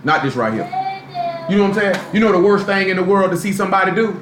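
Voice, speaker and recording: A man's voice: sits high, lively intonation, quick pace, fairly bright tone. A man preaching a live sermon in a loose, street-style way, full of rhetorical questions. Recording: echoey room, faint background noise, live stream.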